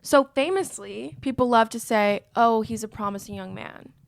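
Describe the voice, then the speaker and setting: A woman co-hosting a podcast in casual chat, retelling scenes with quoted lines in an animated way. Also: fairly high pitch, normal speed, vocal fry. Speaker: podcast co-host.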